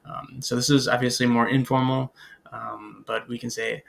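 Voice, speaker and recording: A man with a gravelly edge to his mid-pitched voice teaches a recorded beginner French lesson. He explains in relaxed English, full of "uh"s and "um"s, and stops to say French words and phrases aloud for students to repeat. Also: normal speed. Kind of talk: recorded language lecture.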